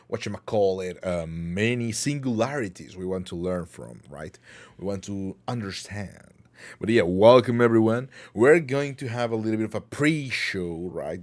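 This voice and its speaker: Male livestream host with a lowish voice, rambling and jokey, fakes anger for laughs. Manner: playful, rambling, mock-angry banter with chat. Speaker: talk show host. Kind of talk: casual livestream chat.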